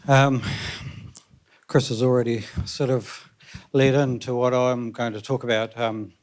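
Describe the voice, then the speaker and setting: A man's voice: medium pitch, little pitch movement, measured pace. A man opening a personal talk as a guest speaker, casual and a little hesitant.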